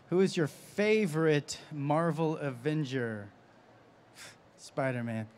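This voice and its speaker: His pitch is fairly high and a touch mellow, and he speaks very slowly but expressively. The man, a voice actor, answers audience questions on a convention stage, chatty and laughing often as he tells stories in this live panel.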